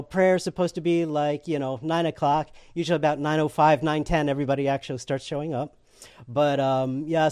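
A man tells a personal story in a casual, animated way, acting out the other people in it and laughing often. His voice sits a bit high for a man. The recording is close and dry, with almost no room sound. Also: no room sound. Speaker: guest telling his conversion story.

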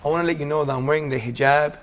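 A man's voice: fairly high pitch, steady tone, very fast, dull audio. A man in his forties from England, earnestly telling his life story as a guest in a casual interview and calling the host bro.

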